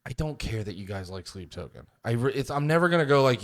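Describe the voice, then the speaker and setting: A man's voice: mid-range voice, sing-song, fast talker. A man co-hosting a podcast in casual chat, ranting with lots of profanity and mocking people in put-on voices. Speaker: podcast co-host.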